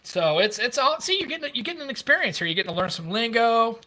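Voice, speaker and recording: A fast, animated American man, chatting and cutting in with quick jokes as a podcast co-host. His voice sits high and runs bright and forceful, and he rattles along at a clip. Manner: animated, laughing, quick to jump in. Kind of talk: casual chat.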